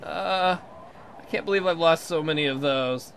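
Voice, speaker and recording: A young man commentating his own game play casually, excitable and jokey, swearing often and talking back at the game. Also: on the high side, moderate pace, a little hiss or hum. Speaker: let's play host.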